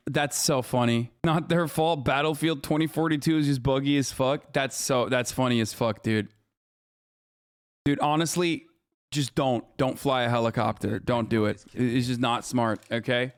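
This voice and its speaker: A man with a somewhat high, clean voice streams reactions to news clips, ranting in a casual, profane, sarcastic, animated way. The audio is studio quality, with no room sound.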